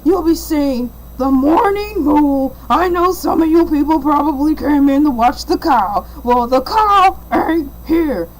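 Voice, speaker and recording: A woman's voice: high voice, expressive, a little slow, hardly any pauses, low-quality recording. A woman voicing a boastful talking shark who fills in as livestream host, chatting in a rambling way. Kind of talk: rambling livestream in-character patter.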